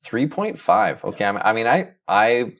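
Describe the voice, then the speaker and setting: A man co-hosting a casual podcast, easygoing and quick to laugh as he asks for ratings. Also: lowish voice, very animated, a bit bright, a little hiss or hum. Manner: easygoing, laughs often, leads the segments. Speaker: podcast co-host asking for ratings. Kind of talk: casual chat.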